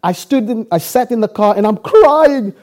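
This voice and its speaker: Preacher from South Africa, storytelling sermon, lively swinging pitch, acts out every exchange. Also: male voice. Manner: animated, acts out dialogue with quick laughs.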